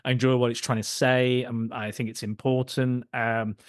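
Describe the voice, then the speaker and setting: Man, podcast host, casual film chat, rambling, mid pitch, dry close sound. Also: level tone, clean tone, dry recording. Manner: rambling, self-interrupting, quick to laugh.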